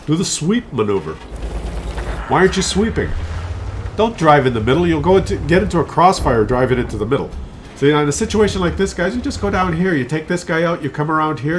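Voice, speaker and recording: A man's voice: a little high, expressive, a little fast, long pauses, a little hiss or hum. Playful, chatty male game commentator. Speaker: gameplay commentator. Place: at home.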